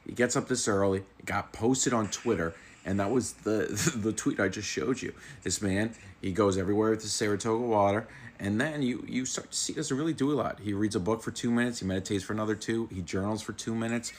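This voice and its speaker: A man giving a casual, wry commentary that explains a viral meme, chuckling now and then. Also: lowish voice. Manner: amused, wry, chuckles at times. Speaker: internet commentator.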